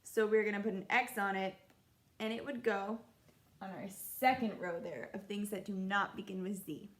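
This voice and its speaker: A young woman teaching a children's phonics lesson, sounding out letters in a slow, encouraging sing-song way. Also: medium pitch. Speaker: kindergarten teacher.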